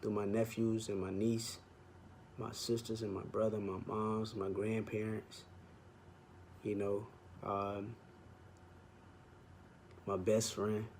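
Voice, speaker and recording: Man, young adult, lower pitch, heartfelt testimony, camera mic, light background ambience. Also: flat delivery, takes it slowly, pauses often, a little mellow, slight background noise. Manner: earnest, heartfelt, fond of "man". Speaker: vlog host.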